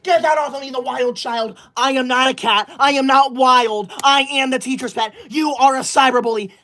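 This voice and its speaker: A man's voice: extremely high pitch, steady tone, moderate pace, pushed and bright, exaggerated voice. A man playing a touchy, self-righteous teacher's-pet boy livestreamer who scolds and bans his viewers in melodramatic outbursts. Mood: indignant. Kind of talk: comedic character skit.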